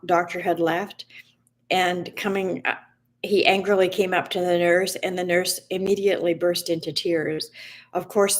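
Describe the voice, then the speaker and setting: A woman with a low voice shares a story and a lesson in an unhurried, reflective way. She often stops and restarts her words mid-phrase. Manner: slow and reflective, with frequent restarts. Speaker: wellness speaker. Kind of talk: reflective motivational talk with a read-aloud story.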